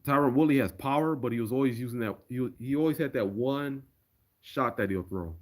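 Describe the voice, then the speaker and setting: A man's voice: medium pitch, brisk. A man chatting casually on a livestream and reading viewer comments aloud. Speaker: streamer.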